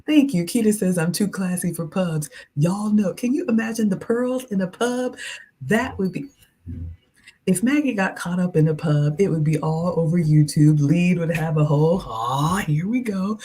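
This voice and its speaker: Chatty Southern woman with a low, mellow voice. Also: moderate pace, slightly rough. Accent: Southern American. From American South. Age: middle-aged. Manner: chatty and playful, reads out viewer comments. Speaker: cooking and lifestyle livestreamer. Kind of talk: casual livestream chat with viewers.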